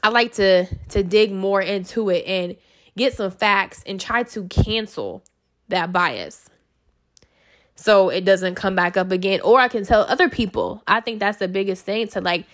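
In a measured, mid-range voice, an American woman shares a story about herself. The telling is relaxed and chatty, and she keeps using fillers and correcting herself.

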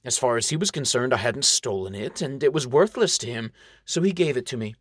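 A man's voice: mid-range voice, lively intonation, fairly quick, a bit bright, dry recording, studio quality. A man reading the part of a smug, scheming baron who lectures and monologues about his plans. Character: scheming gloating ambitious male baron, middle-aged. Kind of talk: audiobook character reading.

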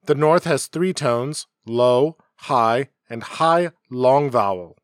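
A man hosting a homemade educational podcast, reading a scripted narration at a measured pace. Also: medium pitch, no echo, studio quality. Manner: measured, explanatory delivery. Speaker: podcast host. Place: home setup, dry sound.

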